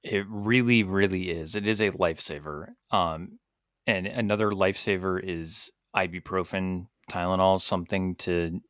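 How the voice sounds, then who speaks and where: Low-voiced man giving earnest advice. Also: fairly even intonation, moderate pace, a bit bright, no room sound, studio quality. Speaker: podcast co-host. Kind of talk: casual chat.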